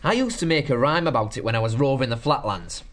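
A man's voice: mid-range voice, lively intonation, fast talker, fairly bright tone, voice pushed up, lightly acted. A man voicing a cheeky, chatty male harvest mouse with folksy rustic speech in a storybook reading. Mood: musing rhyme.

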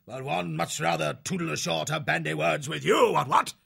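A pompous old hare major with a clipped, barking military manner. His voice sits high and crackles with gravelly fry. Bright and raspy, he sounds like a storybook officer. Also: steady tone, moderate pace, exaggerated voice. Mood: jovial. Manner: clipped military, plummy exclamations.

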